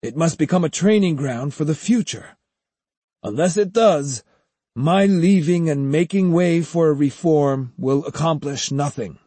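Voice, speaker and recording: A stern aging sword master speaks in grave, measured words, as a male audiobook narrator plays him. The voice is husky and dark, close and dry with no room sound. He lectures slowly and firmly. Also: on the high side, no echo, voice pushed up. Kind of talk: audiobook character reading.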